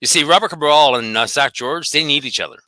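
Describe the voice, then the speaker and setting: A man hosting a dog behavior channel rants angrily and profanely at his viewers, taunting his critics. His voice is on the high side, fast, pushed, and bright, in a dry recording.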